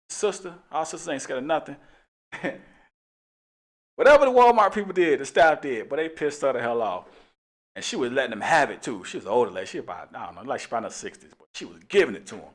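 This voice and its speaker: A man's voice: fairly high pitch, expressive, fast talker. A middle-aged man, a police officer hosting a talk show, telling a casual story in a laid-back way and laughing often.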